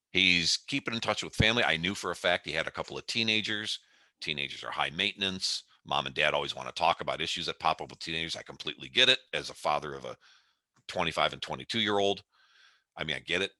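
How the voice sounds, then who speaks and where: This man, a CEO in his fifties, speaks quickly in a low-pitched voice while telling a story during an interview, vividly acting out each scene. The recording is dry.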